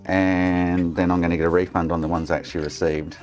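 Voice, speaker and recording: Aussie bloke fixing consoles on stream, real low voice, fed up and swearing, bit of music behind. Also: male voice, little pitch movement, fairly quick. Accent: Australian. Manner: exasperated ranting, heavy swearing. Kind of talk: casual livestream chat while working.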